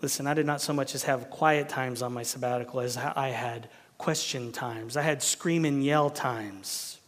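A male pastor preaching an impassioned sermon in a church. He swings between shouted pleas and hushed, quiet lines. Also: mid-range voice, steady tone, moderate pace. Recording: long hall reverb.

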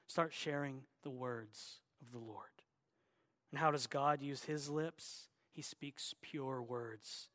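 A man pastor preaching a sermon, swinging between loud, urgent exhortation and quiet, earnest appeals. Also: mid-range voice, takes it slowly.

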